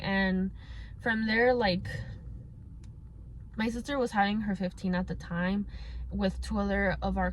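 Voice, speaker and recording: A young woman speaks candidly into the camera, looking back on a painful time in her life. Her talk is casual, full of fillers, and she switches into Spanish words mid-sentence. A faint noise sits under the recording. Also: medium pitch. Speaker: vlogger. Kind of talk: personal storytelling.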